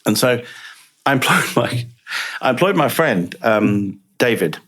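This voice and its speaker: A man telling a business anecdote as a podcast guest, lively and repetitive, acting out bits of dialogue as he goes. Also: medium pitch, measured pace. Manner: lively, repeats words and restarts, acts out dialogue. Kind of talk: animated business storytelling.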